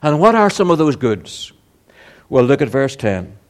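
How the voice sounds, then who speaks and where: Slow earnest male preacher. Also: sing-song. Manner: earnest, rises in pitch and volume for emphasis, rhetorical questions. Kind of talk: sermon.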